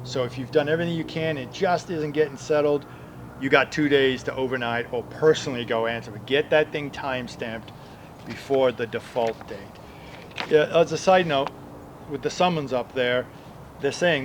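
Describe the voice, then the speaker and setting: A man, a debt defense lawyer, giving emphatic, conversational legal advice with loud asides, with faint outdoor traffic noise behind. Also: mid-range voice, moderate pace. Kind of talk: explanatory legal advice video.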